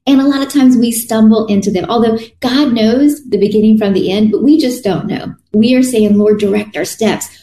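A woman delivers a sermon in an earnest, conversational tone, often doubling back on her words. Her voice is mellow and soft-edged. The room around her is echoey. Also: a little high, normal speed, few pauses. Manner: earnest, conversational preaching with restarts. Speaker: preacher.

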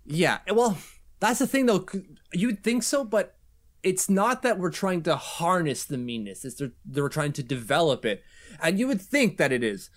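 A man co-hosting a casual hockey podcast, talking loosely and laughing often. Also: on the high side. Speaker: podcast co-host.

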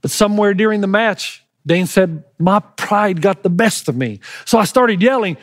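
A middle-aged man preaching from the pulpit with a high, bright-sitting voice. He tells his story with animated energy, rising into loud, shouted lines. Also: normal speed, few pauses, no room sound, studio quality. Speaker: pastor. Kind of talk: sermon.

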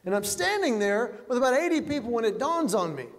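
Male stand-up comic, high voice, animated storytelling, long hall reverb, faint noise. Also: a little fast. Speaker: stand-up comedian.

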